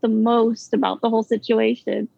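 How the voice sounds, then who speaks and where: A woman with a fairly high, fry-tinged voice recounts a ghost story, stopping and restarting with plenty of fillers. The sound is dull and lo-fi, with a close, dry room. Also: flat delivery, mellow, no echo. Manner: halting, filler-heavy, nervous laughs. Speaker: caller telling a ghost story. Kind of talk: casual storytelling.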